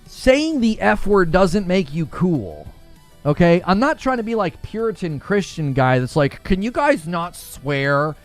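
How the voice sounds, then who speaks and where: Animated man hosting a gaming livestream. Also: sits high, a little slow, soft background music. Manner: animated, laughs often, reads chat aloud. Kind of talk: casual livestream chat.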